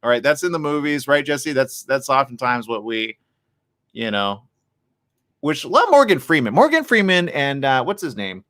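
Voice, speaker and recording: A man hosting a radio morning show, chatting casually with listeners and reading the news in a studio. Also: medium pitch. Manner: lively, chatty, quick asides.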